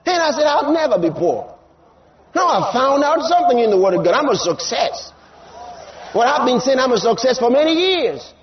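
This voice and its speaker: A preacher man with a very high voice that swings widely in pitch, repeating lines for effect and building to shouts. The recording is slightly dull, with faint room noise behind him. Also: big pitch swings, brisk. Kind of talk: sermon.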